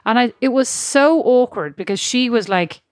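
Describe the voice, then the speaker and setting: A woman co-hosting a podcast, telling animated, self-mocking stories in casual chat. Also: on the high side, moderate pace, no room sound, clean studio sound. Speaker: podcast co-host.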